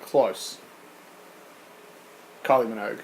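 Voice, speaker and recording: A man's voice: on the low side, fairly even intonation, slow, creaky, a little mellow, a little hiss or hum, rough recording. A man co-hosting a podcast, reading quiz questions in casual, teasing banter and laughing often.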